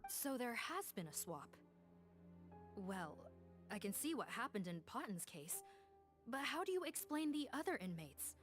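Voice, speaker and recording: Brief: lively-voiced skeptical female officer, very animated pitch, faint music behind. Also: unhurried. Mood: matter-of-fact.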